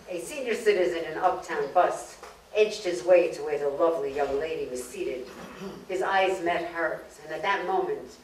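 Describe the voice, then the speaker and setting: A woman's voice: low voice, a little hiss or hum. Joke-telling woman, echoey and far. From Brooklyn, New York. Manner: joke-telling, laughs at punchlines. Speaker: humorist speaker. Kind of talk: humorous talk. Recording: echoey room, mic far off.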